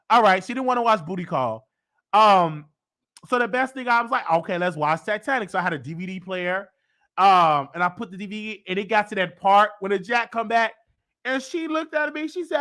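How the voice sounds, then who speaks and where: A man in his thirties hosting a casual talk show, telling stories in an animated way, acting out voices and breaking into song. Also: sits high, fairly quick. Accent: Southern US. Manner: animated storytelling, breaks into singing, acts out voices. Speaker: host. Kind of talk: casual chat.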